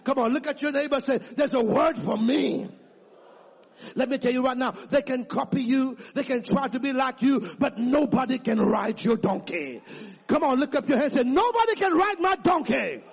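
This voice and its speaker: A man's voice: extremely high pitch, lively intonation, moderate pace, creaky, breathy edge. A man preaching a sermon, calling out lines for the congregation to repeat back to him. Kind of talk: sermon with call-and-response. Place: large church hall. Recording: dull, echoey church recording.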